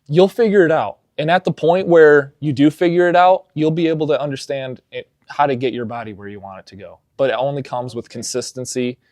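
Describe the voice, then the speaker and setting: A young man coaching on fitness in casual podcast chat, telling stories with animated energy and getting loud when excited. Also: medium pitch, fairly quick, hardly any pauses, dry recording.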